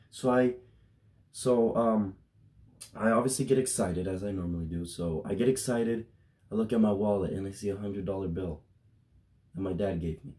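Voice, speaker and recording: Young man, raspy voice, dark tone, profane casual storytelling, rambling. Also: fairly low pitch. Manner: profane, rambling, gets loud and excited. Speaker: toy collector vlogger.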